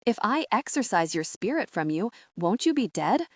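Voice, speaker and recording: A woman's voice: mid-range voice, very animated, moderate pace, no echo, clean studio sound. A woman reading an audiobook voices an anxious, earnest young boy who keeps asking worried, literal-minded questions. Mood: worried questioning.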